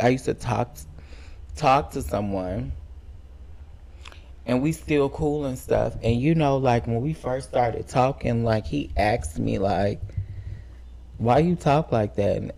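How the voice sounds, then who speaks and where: A man co-hosting a podcast, chatting casually and telling animated stories. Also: medium pitch, unhurried, gravelly. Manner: animated storyteller, drops into quoted voices. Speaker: podcast co-host.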